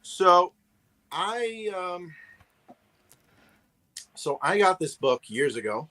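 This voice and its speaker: A man's voice: high-pitched, big pitch swings, very slow, bright, forceful tone, poor audio. Rambling New man on a call. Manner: rambling, many restarts and fillers. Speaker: guest collector. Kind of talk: casual chat.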